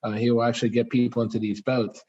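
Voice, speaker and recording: A man giving an author talk at a library, telling history as a lively story with dramatic swings in his voice. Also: fast. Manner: animated storyteller, dramatic pitch swings, fillers. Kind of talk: storytelling lecture. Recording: dull lo-fi recording.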